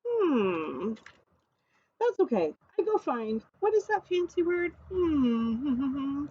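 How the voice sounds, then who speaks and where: High bouncy teacher lady reading to preschoolers, gets kids to say words back. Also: big pitch swings, slow pace, a little mellow, slightly rough, lo-fi sound. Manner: coaxing, asks children to repeat words. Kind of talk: reading a picture book aloud to children.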